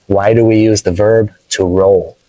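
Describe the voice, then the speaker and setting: A man teaching English vocabulary from inside his car, playful and explaining slowly with examples. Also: lowish voice, steady tone, mellow, no echo, rough recording. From United States. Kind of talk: casual teaching vlog.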